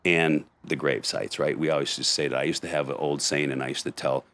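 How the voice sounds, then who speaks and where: A middle-aged man, a podcast guest, telling a rough street story in gritty, blunt talk. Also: rumbling low, steady tone, quick pace, fairly bright tone. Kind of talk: storytelling in conversation.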